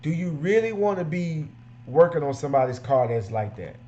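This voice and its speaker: A man's voice: a little high, big pitch swings, moderate pace, mellow, highs cut off. Emphatic casual man giving business advice. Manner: emphatic, repetitive, street-casual. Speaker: mobile auto detailer.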